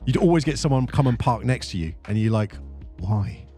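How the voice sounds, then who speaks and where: A man's voice: medium pitch, expressive, fast, warm tone, soft background music. A man co-hosting a podcast in casual chat, joking and filling his talk with "like". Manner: joking, chatty, many "like" fillers. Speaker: podcast co-host.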